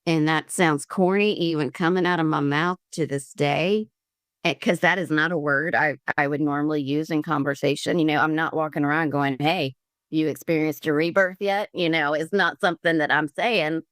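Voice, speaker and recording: A woman from Georgia telling her story as a podcast guest, earnest and halting with many restarts. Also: deep voice, steady tone, a bit bright, dry recording, clean studio sound. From Columbus, Georgia, US. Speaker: podcast guest, liver transplant recipient. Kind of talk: candid conversational storytelling.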